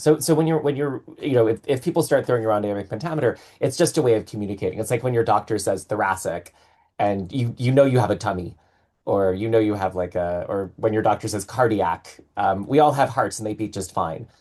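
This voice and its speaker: A man's voice: on the low side, darkish tone. A man on a podcast, explaining things in a casual, lecturing way with many fillers. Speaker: podcast co-host.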